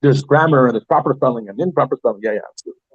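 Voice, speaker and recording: A man teaching a Yiddish class, chatty and animated, often restarting his sentences as he talks to the room. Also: mid-range voice, rapid-fire, husky, dry recording, dull audio. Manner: animated, chatty, self-interrupting. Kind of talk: classroom lesson.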